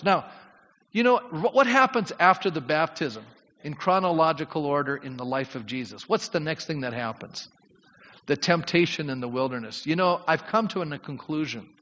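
A middle-aged man preaching a sermon as a pastor, animated and at times near shouting. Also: on the high side. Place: church sanctuary. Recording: muffled church recording with long reverb.

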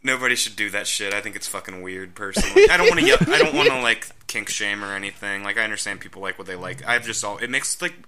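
A man's voice: on the low side, wildly swooping pitch, fast, few pauses, pushed and bright. A man on a podcast, chatting in a frank, easygoing way and laughing often. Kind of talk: casual chat.

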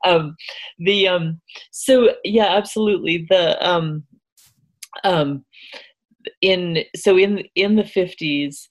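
A woman author being interviewed, explaining history at length with a hesitant delivery full of pauses and filler words. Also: lowish voice. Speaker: author guest. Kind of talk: conversational interview.

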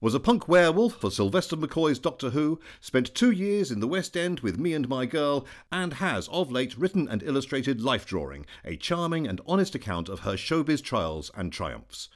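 Animated male podcast host. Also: medium pitch, normal speed, few pauses. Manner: playful, wry delivery. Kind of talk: scripted introduction.

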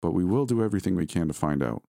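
A man voicing a calm, somber hospital doctor who speaks in a measured way, in a horror story read aloud. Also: deep voice, gravelly, no room sound, clean studio sound.

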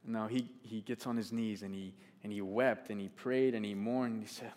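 A man's voice: lowish voice, steady tone, normal speed, few pauses, a little mellow. Earnest man preaching a sermon. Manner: earnest, repeats key phrases for emphasis; reads scripture aloud.

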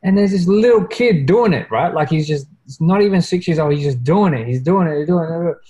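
A man telling a story in casual chat, rambling and filling pauses with "you know" and "like", growing animated as he recounts it. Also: low-quality recording. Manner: animated when recounting, pitch jumps up.

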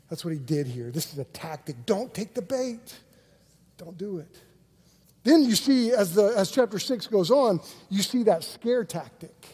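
A man preaching a sermon as a pastor, energetic, acting out quotes and repeating words for emphasis. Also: high voice, slightly rough, big-room sound.

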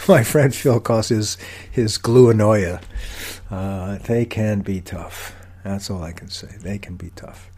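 An older man, a woodworker, telling a story in a casual, animated way with self-mocking dry humor. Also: fairly low pitch, takes it slowly, slightly rough. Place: podcast recording.

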